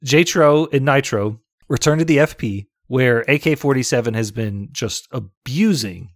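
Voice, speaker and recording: A man recaps a film in a loose, casual chat, laughing often as he acts out lines. His voice sits at an ordinary middle pitch, and the sound is close and dry with no room echo. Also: animated, normal speed. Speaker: podcast co-host. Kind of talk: casual movie-review chat.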